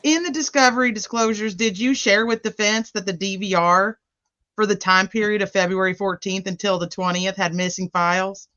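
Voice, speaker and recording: A woman reading the part of a female defense attorney, asking careful, deliberate legal questions. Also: mid-range voice, fairly even intonation, fairly bright tone, dull audio, lightly acted. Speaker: reader in a transcript read-through. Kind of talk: courtroom transcript reading.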